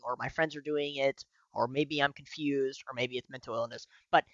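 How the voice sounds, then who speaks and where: A man co-hosting a casual political podcast, talking in a profane, animated way and laughing often. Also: mid-range voice, normal speed, no echo, muffled recording. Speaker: podcast co-host.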